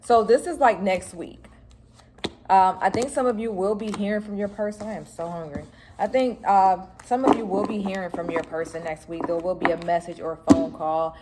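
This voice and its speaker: A woman's voice: mid-range voice, normal speed, noisy background. Chatty woman doing a tarot reading. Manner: chatty, filler-heavy, talks straight to viewers. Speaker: tarot reader. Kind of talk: casual tarot reading to camera.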